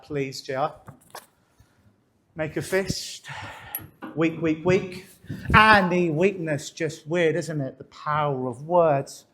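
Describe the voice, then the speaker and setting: A man's voice: fairly high pitch, a bit bright, a little hiss or hum. A man working as a stage hypnotist, coaxing and instructing a volunteer during a live demonstration on stage. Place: on a stage before an audience.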